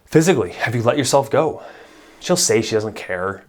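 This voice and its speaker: A man's voice: medium pitch, expressive, normal speed. A man, a marriage therapist, giving blunt, emphatic advice straight to camera with casual swearing. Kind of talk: direct-to-camera advice talk.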